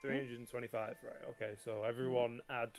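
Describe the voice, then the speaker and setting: A man playing a tabletop game, jokey and thinking out loud. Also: medium pitch, level tone, a little fast, gravelly, soft background music. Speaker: player. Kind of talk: casual tabletop game chat.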